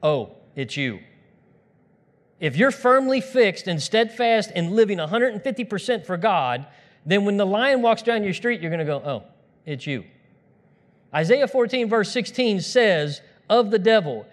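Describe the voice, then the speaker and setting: Man preaching in a reverberant hall. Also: sits high. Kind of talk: sermon, conversational preaching. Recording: long reverb of a large hall.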